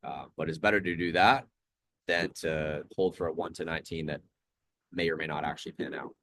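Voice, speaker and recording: A relaxed young man with a low, deep voice chats casually while commenting on trades live. His voice is close and dry, with no room sound around it. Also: brisk, dry recording. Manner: laid-back, chatty, reads chat aloud. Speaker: trading livestream host.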